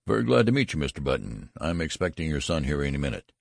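A man's voice: a bass voice, big pitch swings, fast, creaky, dry recording, studio quality, heavily acted. A man voicing a stern, irritable male college registrar who talks in a curt, scolding manner. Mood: polite. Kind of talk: audiobook character voice.

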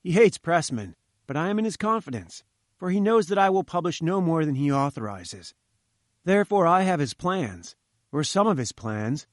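Man doing an eager, high-spirited young reporter. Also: big pitch swings, no room sound, clean studio sound. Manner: brisk and enthusiastic. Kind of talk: audiobook character reading.

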